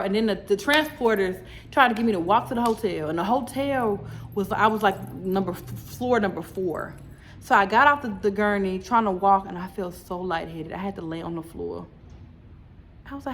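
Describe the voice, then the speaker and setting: A woman telling her story in a chatty, animated home vlog, talking straight to her viewers. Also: mid-range voice, a little hiss or hum. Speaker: vlogger. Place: home, indoors.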